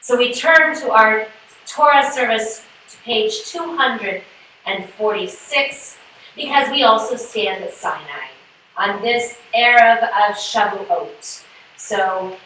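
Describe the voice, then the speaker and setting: A woman's voice: on the high side, lively intonation, slow pace, sharp tone, recorded from a distance, a little hiss or hum. Tearful woman rabbi in echoey sanctuary. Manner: emotional, tearful and laughing. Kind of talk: sermon to confirmation class. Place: synagogue sanctuary.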